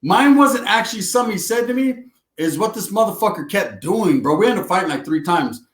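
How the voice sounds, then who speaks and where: A man's voice: high-pitched, lively intonation, brisk, roomy sound. A man telling prison stories in casual, profane, streetwise chat, laughing as he goes. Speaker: podcast co-host.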